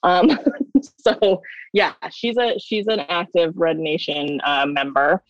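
A woman's voice: lowish voice, steady tone, takes it slowly. A woman talks casually as an interview guest, rambling through her answers with lots of fillers. Her voice comes through a dull, lo-fi remote line with a dry sound and no room echo. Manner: chatty, rambling, with many fillers.

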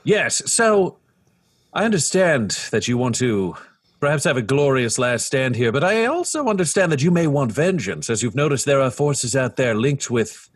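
A man playing a tabletop game, speaking in a calm, persuasive way. His voice is husky and lively, and the sound is close and dry. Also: medium pitch, moderate pace, dry recording. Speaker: player. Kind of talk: tabletop role-play.

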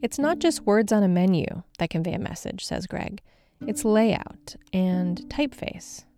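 A woman hosting a podcast, giving a measured, scripted narration. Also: medium pitch, expressive, dark tone, soft background music.

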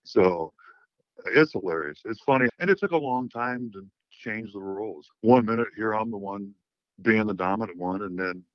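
A man's voice: on the low side, lively intonation, moderate pace, no echo, muffled recording. A middle-aged man calling in to a talk show, telling a frank story in a blunt, profane way with many restarts. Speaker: caller.

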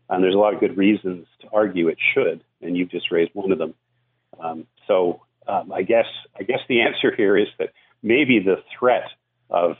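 On a radio call-in show, a deep-voiced man with a breathy edge explains media policy at length over narrow, tinny audio. His explanation is peppered with frequent "you know" fillers.

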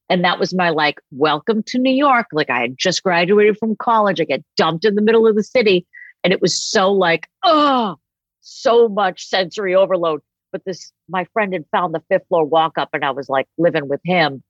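A woman's voice: lowish voice, moderate pace, no echo, highs cut off. A middle-aged woman from the Boston area, telling stories in a casual podcast chat and acting out the voices in them. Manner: animated storytelling, acts out voices. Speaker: podcast guest, comedian.

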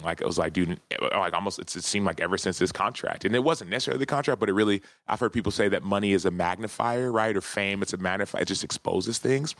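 A man in his thirties with a low, deep voice shares a personal story as a podcast guest. He speaks earnestly and from the heart, in a relaxed conversational interview. The sound is close and dry, with no room echo.

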